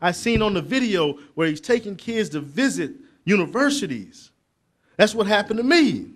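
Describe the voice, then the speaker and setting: A man's voice: high-pitched, sing-song, moderate pace. Emphatic middle-aged motivational speaker, man. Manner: preacherly, building to loud emphatic peaks; conversational asides to the crowd. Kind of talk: motivational speech to youth. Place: conference hall.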